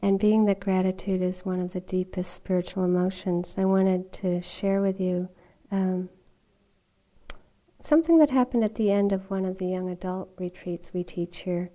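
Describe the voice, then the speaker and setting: A middle-aged woman meditation teacher giving a dharma talk, telling a personal story in a loose, conversational way with many "you know"s and soft laughs. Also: lowish voice, moderate pace. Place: meditation retreat hall.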